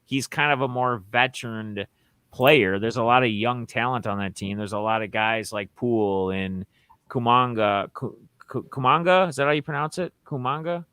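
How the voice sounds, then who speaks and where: A man's voice: mid-range voice, normal speed, a bit bright, clean tone, no echo. A man hosting a casual sports podcast, rambling through opinions and reading out listener questions. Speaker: podcast host.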